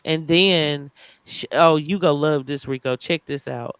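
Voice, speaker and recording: Livestream host, male, bright and smooth, excitable gossip chatter. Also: fairly high pitch, a little slow, no room sound, rough recording. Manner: animated, reads chat comments aloud, exclaims. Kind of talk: casual livestream gossip chat.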